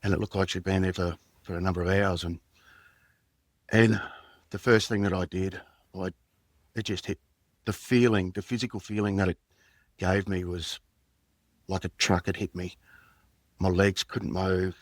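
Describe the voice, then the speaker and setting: In a low-pitched voice with little pitch movement, a middle-aged Australian former police detective tells a personal story as a podcast guest. The recording has no room sound, and he speaks reflectively and haltingly, full of fillers and restarts.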